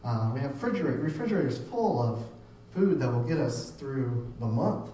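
A man's voice: medium pitch, big pitch swings, normal speed, warm tone. A man preaching a casual sermon who often repeats words and restarts his sentences. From United States. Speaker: pastor. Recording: very echoey room, voice from a distance, faint hum.

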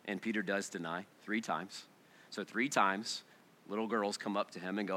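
A man preaching a sermon to his congregation, swinging between loud bursts and hushed storytelling. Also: lowish voice, fairly even intonation, moderate pace. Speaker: pastor. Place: church sanctuary before a congregation.

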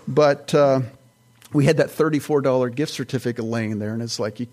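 A man's voice: mid-range voice, level tone, normal speed, darkish tone. A male pastor preaching a sermon in a loose, conversational way, often restarting sentences and going off on side notes.

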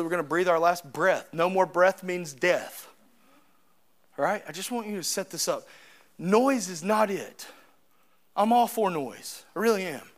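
A man preaching a sermon, reading scripture and breaking off into casual asides, rising to shouts at its peaks. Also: high voice. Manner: preaching with sudden swings from quiet asides to shouting; reads scripture aloud, breaks off with asides and laughs. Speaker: pastor.

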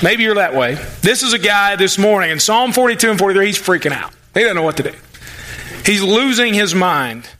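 Male pastor, high bright voice, chatty sermon delivery. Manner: conversational preaching, acts out the psalmist's voice.

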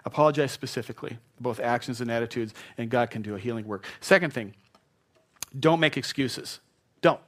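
A man's voice: mid-range voice, fairly quick. Middle-aged man, pastor, sermon, acts out quoted lines, mid-range voice. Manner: acts out quoted apologies and excuses with lively shifts of voice.

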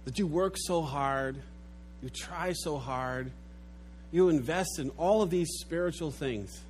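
A preacher delivers a sermon with animated storytelling and sinks low and quiet at the sad moments. His voice runs somewhat high for a man, with faint noise underneath. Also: slow. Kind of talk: sermon with a told joke.

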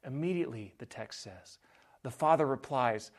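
A man preaching a sermon in a slightly higher voice than most men. He speaks slowly and deliberately, letting key phrases fall away to a near hush. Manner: measured preaching, dropping soft on key phrases. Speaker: pastor.

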